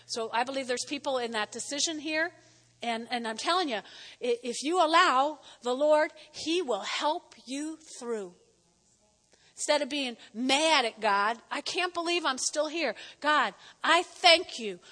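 A woman pastor preaches in a lively, conversational way, reading scripture between her own remarks. Her voice sits high and bright, with a forceful ring. A long reverb trails each phrase, as in a large hall. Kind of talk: sermon.

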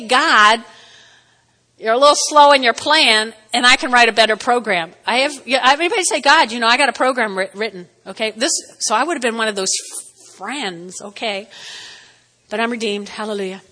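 Bright, high-voiced woman preaching playfully. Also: moderate pace, in a large hall. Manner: chatty, playful, acts out quotes with rising emphasis. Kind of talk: sermon.

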